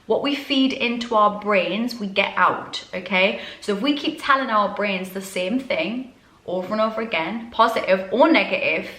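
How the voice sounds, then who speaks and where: A woman's voice: medium pitch, normal speed, fairly bright tone. A British woman working as a self-development coach, talking to camera in a chatty, straight-talking, self-deprecating way. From Britain. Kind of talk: casual talk to camera. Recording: echoey room.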